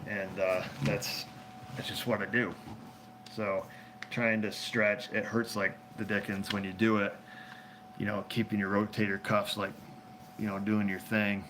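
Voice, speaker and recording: Male host, low voice, loose and joking, takes viewer questions on a phone stream with faint noise behind. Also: flat delivery, measured pace. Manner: rambling, joking, laughs often. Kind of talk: casual live chat.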